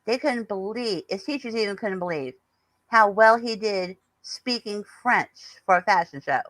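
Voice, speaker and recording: A woman's voice: medium pitch, expressive, moderate pace, a bit bright, no echo, low-quality recording. A woman in her fifties chatting casually as a guest, telling stories in a talkative way. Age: 50s. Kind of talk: casual chat.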